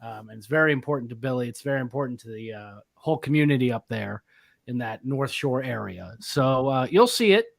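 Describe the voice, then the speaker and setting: A man's voice: mid-range voice, lively intonation, brisk, vocal fry, no echo, clean studio sound. A man co-hosting a casual livestream, talking up upcoming news in a chatty, promotional way. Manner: chatty, promotional, restarts phrases. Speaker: co-host.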